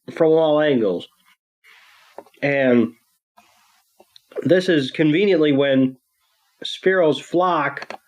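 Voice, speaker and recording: Male co-host, casual cursing recap, mid pitch, slightly muffled sound. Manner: laid-back, profane storytelling. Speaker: podcast co-host.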